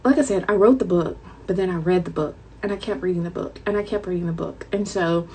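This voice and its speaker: A woman's voice: on the low side, quick pace, dark tone, slight background noise, poor audio. A woman author chatting casually to her viewers with a light Southern twang, dramatic and talkative, calling them y'all.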